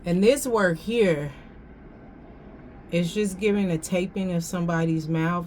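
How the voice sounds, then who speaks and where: A woman reads tarot in a slow, unhurried way, dwelling on each card. Her voice sits a little low, and her talk is slangy and loose, with phrases repeated as she works things out. A faint hum of the room sits behind her. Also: a little mellow. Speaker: tarot reader. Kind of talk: casual tarot reading.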